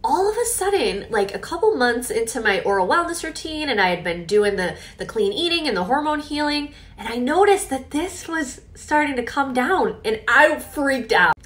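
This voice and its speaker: A young woman vlogging in a casual, animated storytelling way, often acting out what people said. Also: high voice, moderate pace, hardly any pauses. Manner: chatty, animated, with quoted reenactments.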